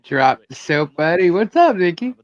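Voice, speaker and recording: A woman's voice: on the low side, sing-song, normal speed, no echo, lo-fi sound. A woman co-hosting a live stream, telling a story in a chatty way and laughing often. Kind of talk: casual live-stream chat.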